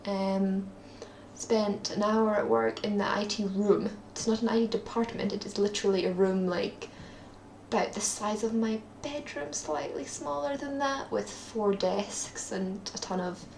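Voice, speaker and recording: A woman's voice: mid-range voice, steady tone, unhurried, vocal fry, darkish tone, roomy sound, a little hiss or hum. A young woman with a Scottish accent, chatting in a rambling, self-deprecating way for her daily video diary, with lots of ums. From Scotland. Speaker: vlogger. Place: at her parents' home, indoors.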